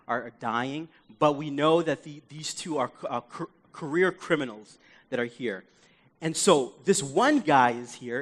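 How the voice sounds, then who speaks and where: A young man delivers a church sermon in a loose, conversational way. His voice sits a touch higher than most men's, and his delivery stays animated, often sinking into a soft plea. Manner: conversational, animated preaching that drops to soft pleading. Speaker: pastor.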